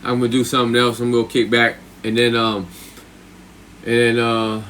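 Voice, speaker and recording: A man's voice: mid-range voice, monotone, moderate pace, fairly bright tone, a little hiss or hum. A man streaming live, rambling and swearing as he tells a story in casual chat. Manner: profane, rambling, with frequent "right?" and "you know what I'm saying". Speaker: livestreamer.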